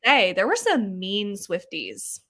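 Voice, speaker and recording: A young woman hosting a podcast, chatting in a bubbly, animated way and laughing often. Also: mid-range voice, a little slow. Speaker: podcast host. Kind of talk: casual chat.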